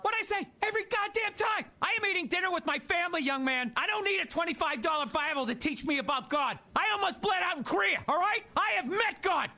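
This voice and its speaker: A hot-tempered, swearing cartoon dad. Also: male voice, very high-pitched, animated, fast, hardly any pauses, bright, forceful tone, exaggerated voice. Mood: yelling. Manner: swearing, blustering tirades. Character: hot-tempered middle-aged working-class dad. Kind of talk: animated sitcom voice acting.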